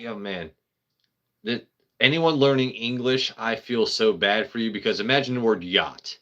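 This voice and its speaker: A man's voice: on the low side, sharp tone, highs cut off. A man hosting a casual live stream, rambling, joking with his chat and swearing freely. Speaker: livestream host.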